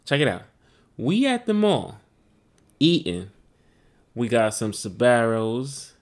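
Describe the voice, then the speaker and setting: A man's voice: mid-range voice, big pitch swings, slow pace. A man co-hosting a podcast, telling a family story in casual chat with lots of laughter. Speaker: podcast co-host.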